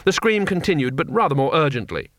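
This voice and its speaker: A man narrating an audiobook in a dry, lively storytelling manner. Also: fairly high pitch, fast talker, dry recording.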